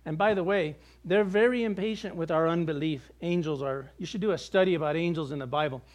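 A man's voice: on the high side, brisk. A man preaching a sermon in a conversational way, with jokes and acted-out quotes. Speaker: pastor.

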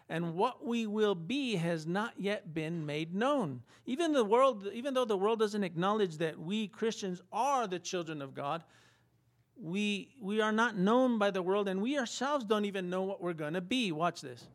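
A pastor with a high voice delivers a sermon conversationally, asking rhetorical questions and acting out quotes.

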